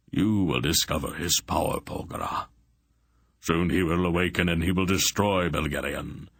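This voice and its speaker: A tormented old sorcerer in a storybook, broken and full of despair, as a man reads him. His voice is deep and husky, and his slow lament comes close to sobbing. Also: a bit bright, no room sound, full character voice.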